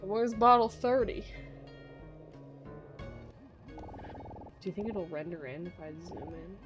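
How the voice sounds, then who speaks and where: A woman's voice: medium pitch, expressive, slow pace, highs cut off. Chatty young woman streaming a game. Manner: rambling, chatty, frequent fillers and restarts. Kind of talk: casual gameplay chat. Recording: music playing behind the voice.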